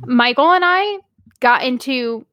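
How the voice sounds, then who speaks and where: Bright, chatty young woman. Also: high-pitched, animated, a little slow, no echo, highs cut off. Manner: chatty storyteller, laughs often. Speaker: podcast co-host. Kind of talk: casual chat.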